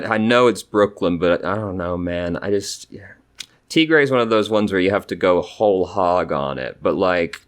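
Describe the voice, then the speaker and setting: A man giving casual, chatty commentary as he plays through a game, with a self-deprecating manner. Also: sits low. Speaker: let's play host.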